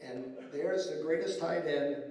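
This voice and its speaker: An older man from Baltimore emcees an awards dinner, telling stories and getting loud as he cheers on the guests. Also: fairly high pitch, unhurried, a little hiss or hum. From Baltimore, USA. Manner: storytelling, rising to loud cheering. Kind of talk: banquet emcee remarks. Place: large banquet hall. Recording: echoey banquet hall.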